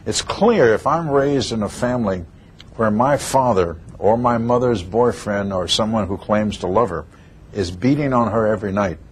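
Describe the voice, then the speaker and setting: A man with a lowish voice speaks in a plain, reflective way. A faint rumble sits under him. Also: normal speed. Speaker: interviewee. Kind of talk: documentary interview.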